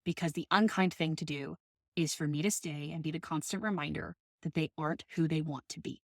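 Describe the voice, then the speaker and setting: A woman's voice: low-pitched, steady tone, fairly quick, dry recording. Passionate, swearing woman on a dry mic. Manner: passionate, swearing, emphatic rants. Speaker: podcast host. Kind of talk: casual monologue.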